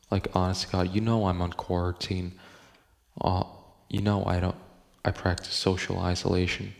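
Gravelly low-voiced man hosting a podcast. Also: big-room sound. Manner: profane, joking, rambling with frequent laughs. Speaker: podcast host. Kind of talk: casual rambling podcast monologue. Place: home room.

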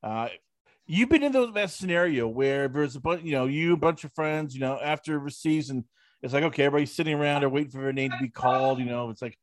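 Animated man hosting an interview, fairly high. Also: fast, no echo. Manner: animated, acts out reactions in quoted voices. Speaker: interview host. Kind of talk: casual interview.

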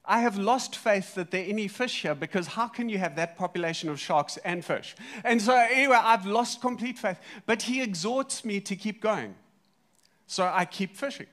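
A man preaching a sermon, telling a story in a lively way, swinging between loud and soft. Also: sits high, normal speed. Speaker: pastor.

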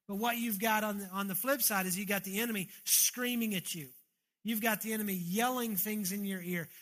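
A man's voice: sits high, fairly even intonation, a little fast, fairly bright tone. A man preaching a sermon as pastor, earnest, often repeating and restarting his words, into a handheld microphone.

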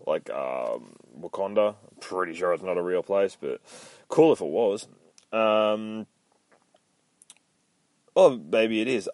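A man's voice: low-pitched, no room sound. A man hosting a casual comic book recap podcast, rambling, swearing a lot and mocking himself. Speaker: podcast host.

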